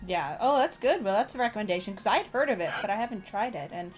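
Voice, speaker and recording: A woman hosting a casual livestream, upbeat and bubbly, quick to agree and cheer her guest on. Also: mid-range voice, lively intonation, faint music behind. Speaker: stream host.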